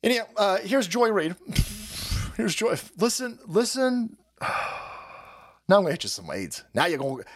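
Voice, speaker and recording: A man's voice: sits high, moderate pace, long pauses, slightly rough. A man hosting a livestream, ranting in a profane, mocking way and putting on voices to mimic the people he attacks. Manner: foul-mouthed, animated, mocking voices of opponents. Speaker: livestream host. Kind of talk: profane political rant.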